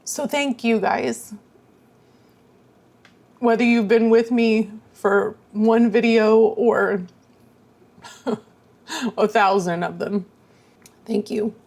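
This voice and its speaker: A woman's voice: a little high, steady tone, extremely slow, creaky, pauses often, a little mellow. A woman vlogger talking casually to her viewers, rambling and self-deprecating, earnest and openly emotional. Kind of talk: casual chatty vlog.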